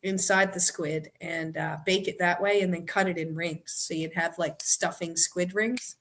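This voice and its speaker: Reading viewer comments aloud on her trivia live stream, a Boston woman chats easily in a fairly low, fairly bright voice with a Boston accent. Her tone stays steady, her pace measured, and there's slight background noise.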